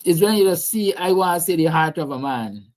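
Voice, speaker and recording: A man's voice: fairly high pitch, expressive, moderate pace, darkish tone. A man with a Guyanese accent hosting a livestream, giving impassioned, preachy political commentary and answering viewer comments. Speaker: livestream host.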